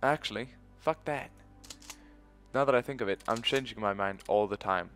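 Low-voiced man thinking aloud through a game. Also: normal speed, a bit bright, faint music behind. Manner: thinking aloud, loose and profane. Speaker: gaming video host. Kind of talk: casual let's-play commentary.

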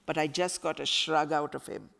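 A woman author reading a passage of her novel aloud to a school audience in slow, expressive storytelling. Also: low-pitched, creaky. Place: school event hall. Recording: echoey hall with long reverb.

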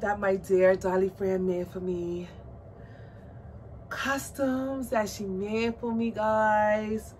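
A woman vlogging about her doll collection in a casual unboxing chat, gushing and excitable, cooing at a doll in baby talk. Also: medium pitch, measured pace. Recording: distant mic with faint background noise.

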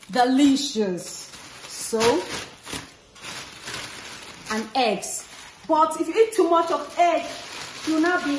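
A young Nigerian woman with a Nigerian English accent, chatting in a teasing, lively way as a family cooking vlogger in her home kitchen. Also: on the high side. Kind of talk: casual cooking vlog chat. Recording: echoey room with background noise.

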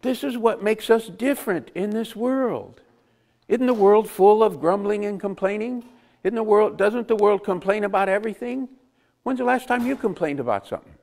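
A man's voice: high voice, gravelly, darkish tone. A man preaching a conversational sermon, asking the congregation rhetorical questions and chuckling between points. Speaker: pastor.

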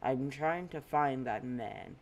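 A man voicing a brooding, smug teenage vigilante in a bat suit, speaking loud, slow and menacing. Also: medium pitch, lively intonation, creaky. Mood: grim.

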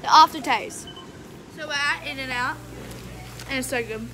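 A young woman with an Australian accent, chatting casually and giggly for her vlog. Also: high voice. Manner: relaxed, giggly, drawn-out. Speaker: vlogger, cheerleader.

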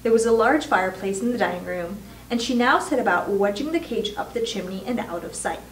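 A woman reading a children's book aloud with expressive storytelling. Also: medium pitch, fairly quick, a little hiss or hum. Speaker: reader. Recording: echoey room, distant mic.

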